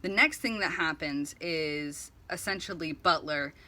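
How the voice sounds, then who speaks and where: Speaking a little slowly in a low voice that sounds pushed and bright, a woman hosting a video essay compares a book series to its movie in a loose, rambling way. She acts out lines using small, playful voices.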